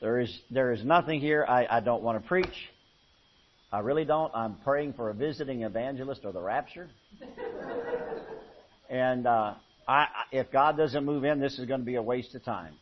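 A man's voice: mid-range voice, normal speed. Folksy male preacher, muffled recording. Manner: folksy storytelling with swings from hushed to loud. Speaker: pastor. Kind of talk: sermon.

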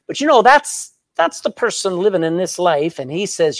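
A pastor with a high, sing-song voice that swings widely delivers a sermon with emphatic energy at a moderate pace. He keeps tossing questions to the congregation and punches key words, and the sound is dry and close with no room sound.

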